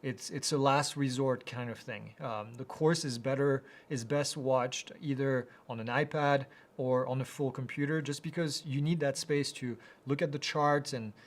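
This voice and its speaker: A man hosting a live Q&A, reading out viewer questions and answering them in a casual, halting way with many fillers. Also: medium pitch, fairly even intonation. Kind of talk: live Q&A chat.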